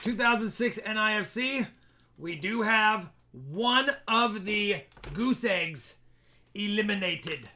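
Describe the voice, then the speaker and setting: Man, livestream host, casual chat, upbeat, high voice. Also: slow, background noise. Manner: upbeat, chatty, calls viewers brother. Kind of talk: casual livestream chat while coin roll hunting.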